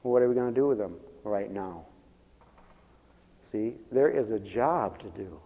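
A man's voice: lowish voice, animated, a little slow. Man pastor, sermon style, emphatic preacher, dull lo-fi sound. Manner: preachy, rising to loud emphatic calls. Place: church. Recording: muffled church recording with long reverb. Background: radio ministry broadcast of a church service.

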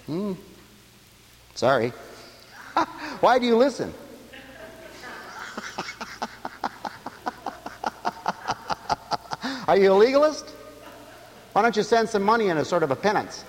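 A man preaching with a high voice that leaps all over the place, crying out some lines and chuckling through others. His sermon rings with a long reverb, as in a big church hall. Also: normal speed, pauses often, slight background noise. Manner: animated preaching, shouting and laughing at his own jokes. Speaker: pastor. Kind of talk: radio sermon.

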